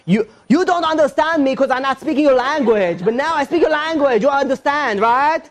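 Male rabbi doing a mock Spanish-accented speaker, higher than his usual voice, exaggerated broken English. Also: brisk. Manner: exaggerated broken English, tacking "O" onto words.

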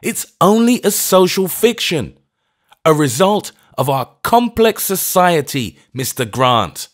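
Man voicing an old vicar, high pitched, breathless, excited, animated delivery. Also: slow, full character voice. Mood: panting, gleeful. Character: elderly male vicar, flustered then gleeful.

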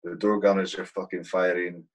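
A man's voice: sits low, flat delivery, normal speed, poor audio. A man in his thirties, a soldier guest on a podcast, telling blunt, swear-laden war stories in casual talk. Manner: blunt, swears freely, vivid war anecdotes. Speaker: guest, army platoon sergeant. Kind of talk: casual storytelling.

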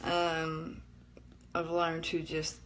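A woman's voice: low-pitched, monotone, drawn-out words, fairly bright tone, a little hiss or hum. A middle-aged woman with a northeast Alabama Southern accent, chatting casually on a live stream from home, rambling and cutting herself off, laughing often. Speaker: livestream host. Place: at home at night.

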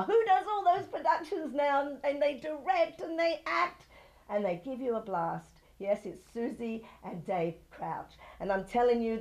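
A woman hosting a chatty local TV show, effusive and gushing as she introduces her guest. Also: darkish tone. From not from Santa Barbara. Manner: effusive and gushing, high-spirited sign-offs. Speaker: TV show host.

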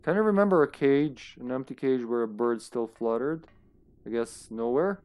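A man streaming a horror game, talking casually to himself as he plays, often trailing off into quiet mutters. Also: medium pitch, normal speed, clean tone. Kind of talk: casual gameplay commentary.

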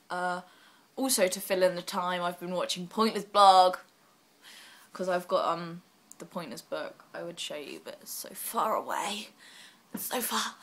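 A young woman vlogging casually while she is unwell, rambling and self-deprecating with quick asides. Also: on the low side, a bit bright, slight background noise. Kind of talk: casual vlog chat.

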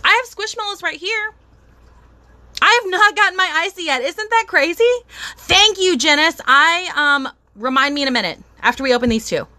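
An excitable, bubbly woman hosting a casual live stream from home, chatting to viewers and thanking them by name. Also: extremely high pitch, normal speed, no echo. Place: at home with a dog.

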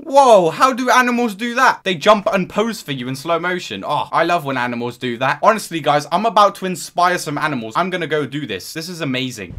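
A man's voice: a little high, lively intonation, brisk, hardly any pauses, pushed and bright. A young man giving sarcastic, swear-laden reaction commentary on clips. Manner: sarcastic, mocking, swears freely. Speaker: YouTube commentator.

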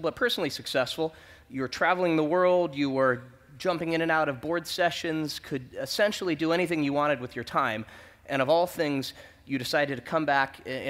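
A man's voice: fairly high pitch, a bit bright. Guy hosting a fireside chat on stage, asks long wind-up questions, jokey. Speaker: venture capitalist interviewer. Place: conference stage.

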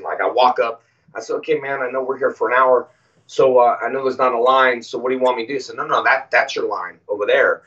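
A man as an interview guest, telling stories casually and acting out quoted lines with animated voices. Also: mid-range voice, moderate pace. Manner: animated, acts out quoted dialogue. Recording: distant, muffled audio.

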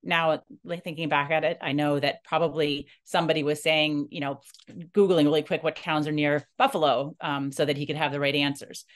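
A woman who runs a non-profit, telling a personal story in an earnest, halting way and acting out the dialogue she quotes. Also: deep voice, little pitch movement. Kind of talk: personal story told to camera.

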